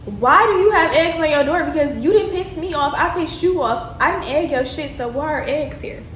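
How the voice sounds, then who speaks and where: A young woman telling a story in a casual, animated way, swearing freely and sounding exasperated. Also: high-pitched, normal speed, slight background noise. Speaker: storytime vlogger. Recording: echoey room.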